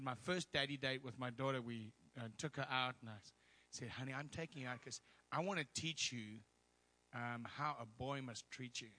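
A man's voice: mid-range voice, sharp tone. A middle-aged man preaching as a guest speaker in a church, telling personal stories in a chatty, humorous way. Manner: chatty storytelling with humor and asides.

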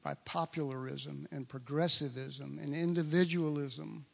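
A man's voice: fairly high pitch, fairly even intonation, a little slow, vocal fry. A man preaching a sermon, emphatic and fond of repeating phrases for stress. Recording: long reverb of a large hall.

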